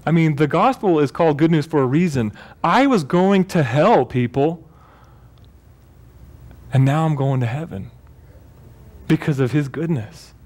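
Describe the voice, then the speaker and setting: Joking, conversational pastor with a higher voice. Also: male voice, animated, measured pace, long pauses, a little mellow. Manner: conversational and joking, with self-corrections. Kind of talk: sermon. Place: church.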